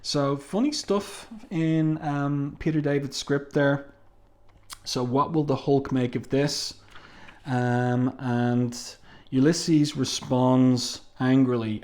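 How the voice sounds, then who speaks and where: Unhurried man reviewing comics aloud. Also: medium pitch, fairly even intonation, a little mellow. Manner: unhurried, frequent ums and uhs, reads comic dialogue aloud. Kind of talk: casual spoken review.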